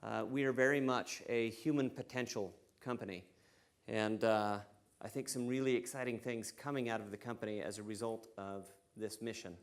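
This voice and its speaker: An American man speaking at a conference, relaxed and joking, with frequent fillers. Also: lowish voice, moderate pace. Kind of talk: conference keynote talk. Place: conference stage before an audience.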